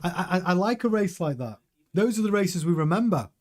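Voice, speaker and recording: An excitable, chatty man with a slightly higher-than-usual voice provides casual, brisk commentary on a race in a live watch-along stream. He frequently stops to answer messages from viewers.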